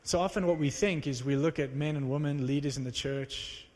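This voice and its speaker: Young man from South Africa, preacher, sermon, animated storyteller, slightly high voice, long hall reverb. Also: fairly quick. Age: young adult. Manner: animated storytelling, rising to excited exclamations. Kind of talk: sermon with personal testimony.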